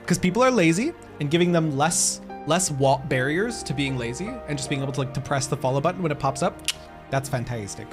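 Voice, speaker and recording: Excitable guy streamer, bouncy up and down voice, fairly high, laughs a lot. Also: over music. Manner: excitable, bubbly, quick to laugh. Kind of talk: casual live-stream chat while gaming.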